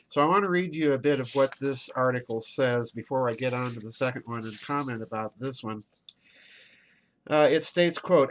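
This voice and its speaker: A man hosting a news commentary, reading articles aloud in a measured, deliberate way and marking quotes as he goes. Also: mid-range voice. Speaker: host.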